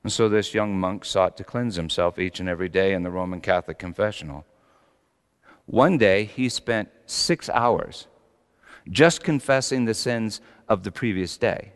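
A middle-aged man preaching a sermon dramatically, swinging between loud high peaks and quiet low passages. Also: big pitch swings, normal speed, smooth. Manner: dramatic, with big rises in pitch and volume. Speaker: pastor. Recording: long hall reverb.

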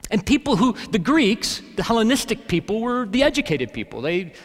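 A man's voice: high-pitched, big pitch swings, brisk, big-room sound. A man preaching a sermon in an easy, conversational way, with bursts of emphasis. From Alabama, US South. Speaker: pastor.

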